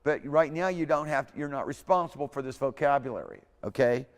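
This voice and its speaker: A man with a medium-pitched voice lectures briskly in a lecture hall, rambling informally, correcting himself and repeating words aloud for his students. The recording carries hall reverb.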